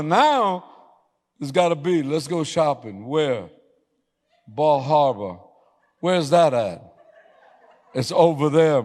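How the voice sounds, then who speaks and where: A man preaching a sermon as pastor, telling lively stories, laughing and suddenly yelling for emphasis. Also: medium pitch. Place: church sanctuary. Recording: long hall reverb.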